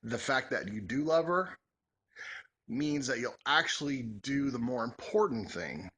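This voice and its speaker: A man's voice: mid-range voice, lively intonation, a little slow, fairly bright tone. A man in his forties chatting casually as a vlogger, answering follower questions in a joking, rambling, folksy way. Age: 40s. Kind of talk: casual Q&A chat.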